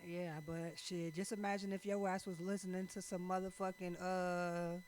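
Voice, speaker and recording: A woman's voice: fairly low pitch, little pitch movement, normal speed, a little mellow, a little hiss or hum. A woman guest on a casual podcast chat, talking bluntly and emphatically as she backs up the host.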